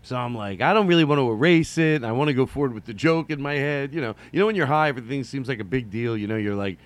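A middle-aged man hosting a solo comedy podcast, rambling and joking, jumping from loud bursts to mumbled asides. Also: mid-range voice, expressive, fast talker. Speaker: podcast host.

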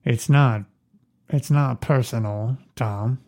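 A man putting on a low, muttered mobster-movie impression voice. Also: slow pace, a little mellow. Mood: mock menace.

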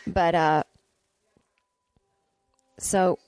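A woman's voice: lowish voice, steady tone, extremely slow, darkish tone, dry recording. A woman podcast host recapping a movie from a family home in a sarcastic, chatty way.

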